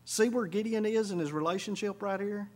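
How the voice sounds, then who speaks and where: A high-pitched man preaches a sermon. He drops low and quiet when he reflects, then climbs into loud, emphatic runs. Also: a little fast. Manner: preaching with sudden rises in pitch and volume. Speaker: pastor.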